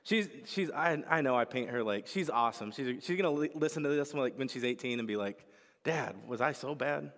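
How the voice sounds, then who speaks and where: Joking young pastor in an echoing hall. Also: male voice, mid-range voice, animated, fast, hardly any pauses, fairly bright tone. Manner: casual, joking, storytelling. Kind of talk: sermon. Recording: reverberant hall.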